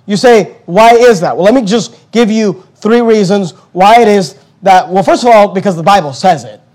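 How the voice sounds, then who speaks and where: A man preaching a sermon as pastor, fervent, with quick asides to the congregation. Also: sits high, a little mellow.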